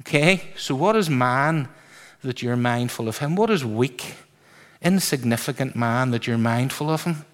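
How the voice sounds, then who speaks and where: A man preaching a sermon to a congregation, asking them questions and stretching words for emphasis. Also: medium pitch. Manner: lively, drawn-out emphasis, asks congregation questions.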